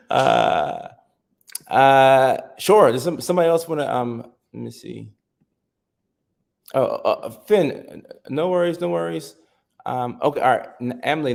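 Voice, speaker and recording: Man, thirties, gravelly voice, mid pitch, casual live stream host. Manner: loose, chatty, reads comments aloud, stammers and restarts. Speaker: livestream host.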